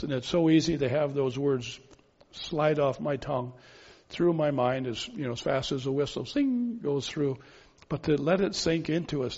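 Pastor, male, earnest sermon, hammers phrases by repetition; husky, dull lo-fi sound. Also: on the high side, a little mellow. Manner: earnest, repeats key phrases for emphasis. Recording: dull sound with long hall reverb.

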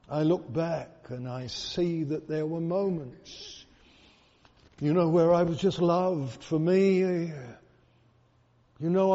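A man's voice: a little high, warm tone. A middle-aged man preaching a sermon, earnest, telling stories and repeating phrases for emphasis. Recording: dull echoey hall recording.

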